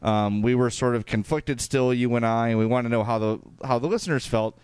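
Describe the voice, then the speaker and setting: A man with a thick Chicago accent co-hosts a casual podcast, reading listener emails aloud and stopping for uhs and ums along the way. His voice is smooth and resonant, sitting at a middling pitch. The recording is close and dry. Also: fairly quick, darkish tone, no room sound. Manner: reads listener emails aloud, hedging with fillers. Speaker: podcast co-host.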